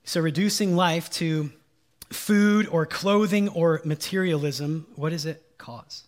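Pastor guy preaching, kinda high voice, repeats stuff and quizzes the crowd, casual asides. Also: takes it slowly. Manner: emphatic, repeats key lines, quizzes the congregation; folksy, informal asides. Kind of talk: sermon.

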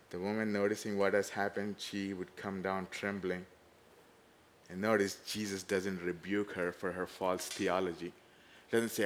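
A man preaching a sermon, animated, rising loud and dropping to hushed tones as he acts out the story. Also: lowish voice, normal speed.

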